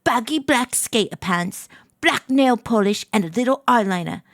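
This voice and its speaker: A woman's voice: a little high, lively intonation, normal speed, no room sound, studio quality. A woman reading a gloomy goth teenage girl's story aloud in a put-on British accent, theatrical and self-mocking. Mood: dramatic reading. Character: gloomy goth teenage girl narrating her day.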